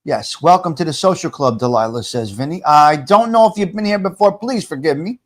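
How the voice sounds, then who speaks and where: A man's voice: a little high, lively intonation, brisk. A man hosting a casual livestream, rambling, repeating himself and answering viewers' comments aloud.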